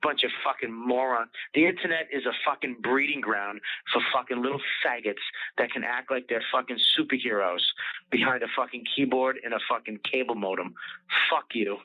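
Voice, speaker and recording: A man's voice: mid-range voice, brisk. A male comedian hosting a casual podcast chat, ranting angrily and swearing constantly. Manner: profane angry ranting. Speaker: comedian host. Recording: tinny lo-fi phone-like audio.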